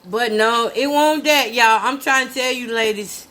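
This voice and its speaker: A woman's voice: a little high, a little slow, few pauses, a bit bright. An older woman hosting a casual vlog, telling a story in a chatty, emphatic way while cooking. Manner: chatty, emphatic, addresses listeners as y'all. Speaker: show host. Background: talks while cooking.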